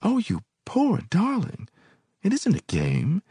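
A man's voice: high voice, wildly swooping pitch, slow pace, warm tone, slightly rough, no room sound, clean studio sound, voice pushed up, exaggerated voice. A man reading aloud and voicing a flirtatious, eager wealthy woman who coos and pleads breathlessly. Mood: cooing.

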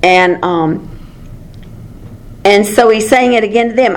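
A woman's voice: medium pitch, a little slow, pauses often. A middle-aged woman leading a small-group Bible lesson, talking things through in a conversational way and correcting herself as she goes. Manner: conversational, self-correcting, warm teaching. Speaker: Bible study teacher.

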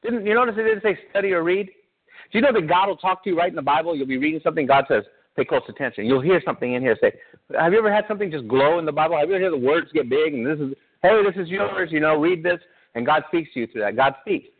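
Pastor preaching over a tinny line. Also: male voice, on the high side, expressive, fast. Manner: conversational, asks the congregation questions. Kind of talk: sermon. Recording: tinny phone-like sound.

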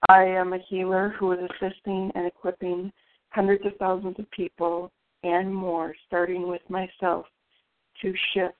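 A woman with a somewhat low voice on a group phone call. She speaks steadily through a narrow, tinny phone band. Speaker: call participant. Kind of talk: affirmations and joke on a group call.

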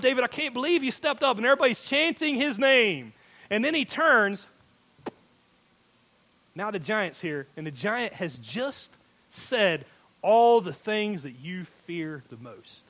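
High, bright-voiced preacher man. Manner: emphatic, quotes people in acted asides. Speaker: pastor. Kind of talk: sermon.

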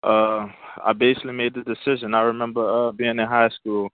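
Flat-voiced young man on a phone. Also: medium pitch, a little fast, no echo. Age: young adult. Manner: hesitant, short plain answers. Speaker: college football player, walk-on. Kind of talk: phone interview. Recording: phone-line call.

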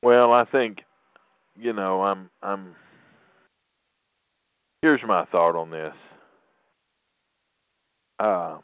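A man's voice: sits low, extremely slow, pauses often, clear, resonant tone, dry recording, dull audio. A middle-aged man hosting a political podcast, talking in an opinionated, rambling way with frequent restarts. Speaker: podcast host.

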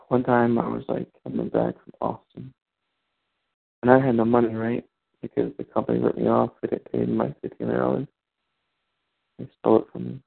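A man's voice: medium pitch, creaky. A man casually telling a rambling story on a community call, with many fillers and restarts. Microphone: call audio. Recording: tinny phone-like audio.

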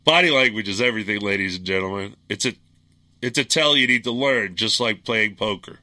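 A man's voice: lowish voice, brisk, sharp tone. A middle-aged man hosting a political talk radio show, ranting in a blunt, angry, combative monologue.

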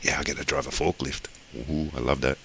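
A man's voice: rumbling low, level tone, a little fast, creaky, a bit bright, slight background noise. An Australian man co-hosting a podcast, telling work stories in a rambling, matter-of-fact casual chat. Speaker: podcast co-host.

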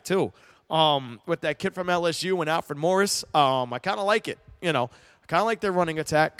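A man's voice: fairly high pitch, no echo, studio quality. Fired-up, rambling podcast host man. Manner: loose, rambling, swears casually. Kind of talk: solo sports talk podcast.

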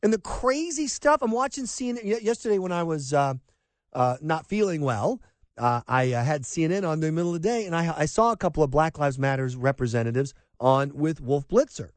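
A man's voice: on the high side, lively intonation, fairly quick, no room sound. A middle-aged man hosting a talk radio show, delivering an emphatic, opinionated monologue with sarcastic asides.

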